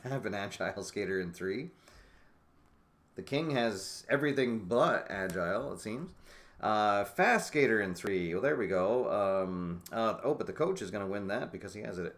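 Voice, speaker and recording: A man giving play-by-play commentary on a tabletop roller derby game he is playing, musing with fillers and sudden bursts of excitement. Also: on the low side, moderate pace.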